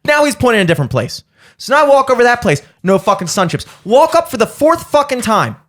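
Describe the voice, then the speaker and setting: A man's voice: very high-pitched, sing-song, quick pace. A young man hosting a podcast, telling a heated, profane story as a comedic rant and acting out both sides of it. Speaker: podcast host.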